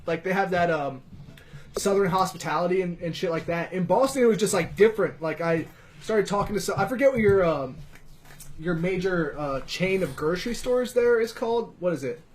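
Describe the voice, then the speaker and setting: A man's voice: high voice, lively intonation, fairly quick. A man, hosting a podcast and telling rambling, profane stories in casual chat. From Virginia. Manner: profane, rambling, laughing storyteller.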